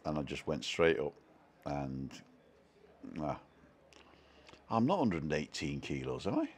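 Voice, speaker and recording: Guy with a really low voice, chatty live stream from home, pokes fun at himself. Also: big pitch swings, measured pace. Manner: chatty and self-deprecating, reading out viewer comments. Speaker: vlogger hosting a live stream. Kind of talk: casual live-stream chat.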